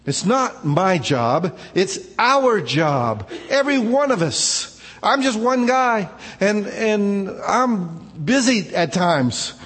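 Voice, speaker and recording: A man's voice: high voice, big pitch swings, slow pace, fairly bright tone, in a large hall. A male pastor preaching a conversational sermon, telling personal stories in a casual, informal way. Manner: informal, personal storytelling, frequent "man" asides.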